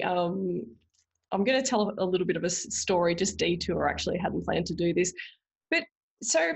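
Woman in her thirties, podcast host, rambling casual storyteller, mid-pitched voice. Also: vocal fry. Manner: chatty and rambling, with frequent um, self-corrections and light laughter.

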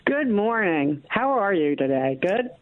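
A woman's voice: medium pitch, very animated, a little slow, no room sound. A woman caller complains emphatically and indignantly over the air. Her voice comes through a thin, tinny phone line with no room sound at all. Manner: indignant, emphatic, keeps asking "okay?".

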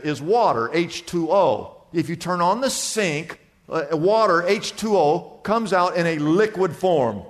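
Man, pastor, high voice, excitable sermon, rhetorical questions, long church-hall reverb. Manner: excitable preaching with rhetorical questions and repeated phrases.

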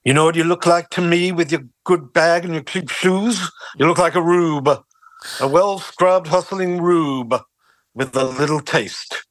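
An Australian man doing a cultured, menacing killer who drawls slow, silky taunts. The voice sits a touch high for a man, and the sound is dry and close with no room around it. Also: dry recording, close to an everyday voice. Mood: taunting.

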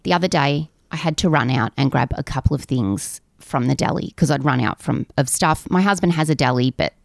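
A woman in her forties, co-hosting a podcast, telling animated stories in casual chat and swearing freely. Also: extremely low pitch, a little fast, vocal fry, dry recording, studio quality. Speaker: podcast co-host.

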